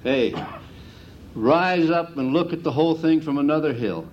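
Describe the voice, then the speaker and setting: A middle-aged man giving a folksy lecture on handicapping to an audience, an animated storyteller who mimics the gamblers he talks about. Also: a little high, moderate pace, lo-fi sound, slight background noise. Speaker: handicapping instructor.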